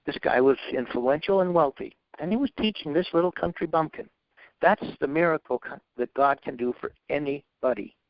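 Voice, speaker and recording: In an interview, a man recounts his own story with earnest, faith-driven motivation, animatedly voicing both sides of past conversations. His voice is fairly high and fairly quick, captured in a dry, slightly dull lo-fi recording without echo.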